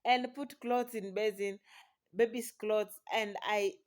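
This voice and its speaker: A woman's voice: mid-range voice, steady tone, slow. A woman, a new mother, telling a personal story in an exclamatory, dramatic way with frequent laughter.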